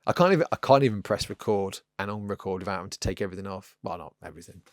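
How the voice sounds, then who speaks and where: A rambling, self-mocking man gives a casual painting tutorial. His voice sits fairly low. The recording is dry and close, with no room sound. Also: rapid-fire, no echo. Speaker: miniature painting channel host.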